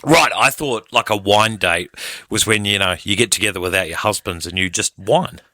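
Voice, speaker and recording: A man's voice: fairly low pitch, moderate pace, sharp tone, dry recording, studio quality. A man with an Australian accent, a breakfast radio co-host who jokes and teases his co-host in casual chat. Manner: joking, teasing, laughs a lot. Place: radio studio. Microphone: studio microphone.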